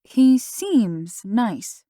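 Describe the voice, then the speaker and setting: A woman voicing a mother who gently questions her daughter, in an audiobook. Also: mid-range voice, normal speed, no room sound, clean studio sound, lightly acted. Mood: gentle.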